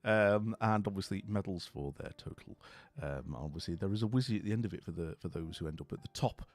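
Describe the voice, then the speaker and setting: This low-pitched man talks quickly, and there's no room sound at all. As a livestream host greeting viewers, he chats in a rambling, jokey way packed with fillers, coming across tired and dopey.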